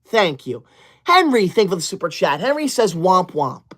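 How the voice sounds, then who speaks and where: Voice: mid-range voice, big pitch swings, moderate pace, fairly bright tone. A prim, self-important livestreamer reads out viewer messages while playing an over-the-top teacher's pet. The delivery is bossy and indignant, laying down rules and scolding anyone who steps out of line. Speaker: livestreamer reading viewer super chats.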